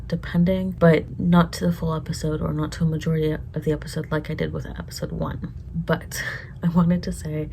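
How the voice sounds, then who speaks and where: A woman's voice: low-pitched, expressive, a little fast, dark tone, slight background noise, poor audio. A woman vlogger reacting to a TV show in casual chat, emotional and swearing often as she talks to herself.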